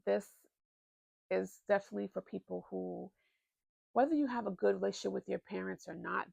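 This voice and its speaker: A woman's voice: fairly low pitch, vocal fry, a little mellow, dry recording. A married woman chatting casually and expressively about books she recommends, with plenty of fillers. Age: adult, married. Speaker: book vlogger.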